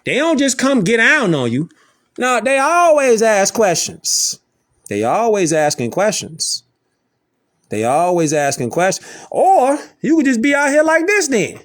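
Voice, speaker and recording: A man's voice: high voice, very animated, unhurried, fairly bright tone. A man giving mocking, slangy reaction commentary as an online commentator, taunting and repeating himself.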